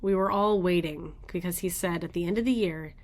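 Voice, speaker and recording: A woman's voice: fairly low pitch, fairly quick. A woman hosting a daily weather radar show, thinking aloud in casual, rambling commentary as she looks at the maps.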